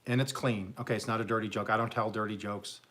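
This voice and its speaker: A man's voice: lowish voice, steady tone, fast, a bit bright. A man hosting a live stream, casually telling jokes as a rambling, chuckling storyteller. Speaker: livestream host.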